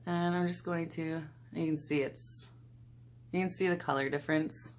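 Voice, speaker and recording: A woman's voice: sits low, normal speed, slight background noise. A young woman vlogger chatting casually as she does her makeup and talks through each product. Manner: chatty, relaxed, talks while applying makeup. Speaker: beauty vlogger. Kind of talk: casual get-ready-with-me talk.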